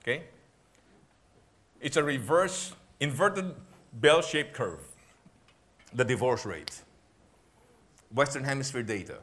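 A middle-aged pastor, preaching in an animated, humorous way and laughing often. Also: male voice, mid-range voice, takes it slowly, long pauses. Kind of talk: sermon talk with humor.

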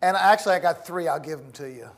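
A middle-aged man giving a classroom lecture, speaking in a measured, deliberate way with pauses and the odd repeated word. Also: a little high. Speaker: teacher.

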